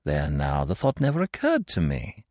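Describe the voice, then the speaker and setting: A man voicing a suave, teasing young gentleman thief who talks in a playful, mock-affectionate way. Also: medium pitch, wildly swooping pitch, measured pace, no room sound, studio quality, full character voice.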